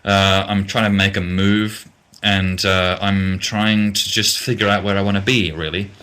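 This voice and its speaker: Deep-voiced Australian man, halting and blunt. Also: level tone, bright, forceful tone. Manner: hesitant and halting, many ums and restarts, then blunt. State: getting tired. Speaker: music producer. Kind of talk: casual livestream Q&A, reading out viewer questions.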